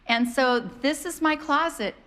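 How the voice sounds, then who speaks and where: A middle-aged woman, a pastor, preaching a sermon in an animated, conversational way, often acting out the voices of people in her stories. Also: sits high, a little slow. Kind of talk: sermon with storytelling.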